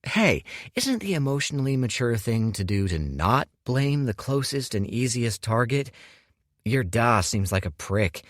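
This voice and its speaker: A man's voice: mid-range voice, big pitch swings, a little slow, no room sound, clean studio sound, pitched above the performer's own voice. A man voicing an affable, glib young man who jokes to talk his way out of trouble. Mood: placating. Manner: breezy, joking, affable.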